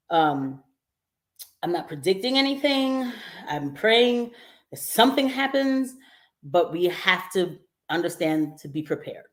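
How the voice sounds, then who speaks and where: A young woman hosting a casual live-stream of news commentary, emphatic and quick to laugh, now and then acting out the voices of the people she quotes. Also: lowish voice.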